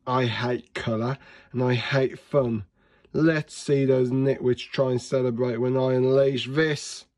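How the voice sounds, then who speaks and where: A man's voice: mid-range voice, fairly even intonation, measured pace, a little mellow, natural voice. A man voicing a sneering evil little pea villain in a children's storybook, sniggering, hissing and cackling.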